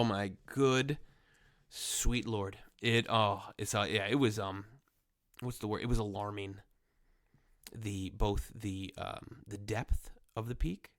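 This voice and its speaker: A young man with a cold telling a rambling comic story, full of fillers, sometimes jumping into squeaky voices for the people he quotes. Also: dry recording, clean studio sound. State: nasal from a cold. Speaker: comedy podcast host.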